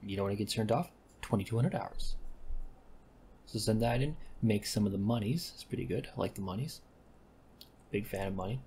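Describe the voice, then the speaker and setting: A man rambles through casual game commentary, stopping to correct himself and toss off deadpan asides. His voice is low and gravelly, with a faint hiss behind it. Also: fairly quick, pauses often. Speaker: gaming commentator.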